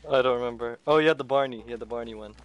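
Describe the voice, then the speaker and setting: A young man streaming a game with a friend, excitable and teasing, laughing often. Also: medium pitch, rapid-fire, muffled recording, crowd noise. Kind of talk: casual gaming chat.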